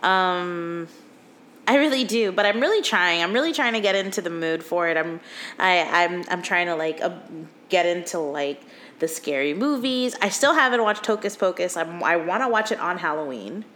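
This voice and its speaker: A woman's voice: lowish voice, expressive, moderate pace, a bit bright, slight background noise. A woman in her thirties co-hosting a podcast in casual chat, giggly and rambling, with many fillers and restarts. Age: 30s. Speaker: podcast co-host.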